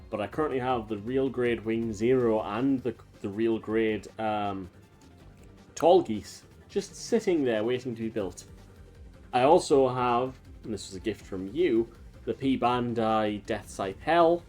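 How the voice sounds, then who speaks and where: A male streamer giving casual let's-play commentary at a mid-range pitch, drifting into long tangents packed with ums and uhs. Game music plays faintly behind him. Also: a little slow, darkish tone. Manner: rambling, talks in long tangents with many fillers.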